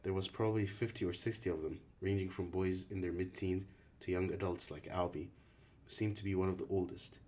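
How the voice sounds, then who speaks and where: A man narrating an audiobook in an even, steady storytelling voice. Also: low voice, a little fast. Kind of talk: audiobook reading.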